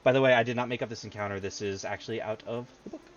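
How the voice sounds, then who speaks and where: A man's voice: on the low side, fairly even intonation. Easygoing man running a tabletop game. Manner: easygoing, laughs often, fast asides. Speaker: game master. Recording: dull lo-fi stream audio with faint noise.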